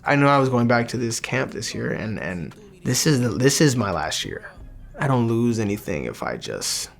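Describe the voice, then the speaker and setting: Gravelly-voiced young man giving a testimony. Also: mid-range voice, very animated, soft background music. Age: young adult. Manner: earnest, halting, with repeated restarts. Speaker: testimony speaker. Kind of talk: personal faith testimony.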